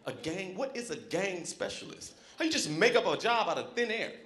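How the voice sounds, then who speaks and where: A man from South Central Los Angeles doing a loud, animated stand-up set, acting out characters. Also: sits high, a little fast, roomy sound. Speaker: stand-up comedian. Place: comedy club stage. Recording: live club crowd noise. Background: laughing club audience.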